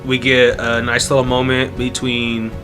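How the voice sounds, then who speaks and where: A man's voice: medium pitch, monotone, a little slow, music in the background. A man co-hosting a casual podcast chat, recapping scenes eagerly with plenty of fillers. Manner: enthusiastic, rambling retelling with fillers. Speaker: podcast co-host.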